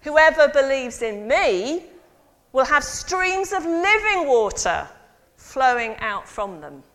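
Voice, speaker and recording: A woman playing a man who boldly shouts out from the back of a crowd. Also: sits high, sing-song, slow pace, voice pushed up, exaggerated voice. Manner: bold, shouted interruption. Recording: long church reverb.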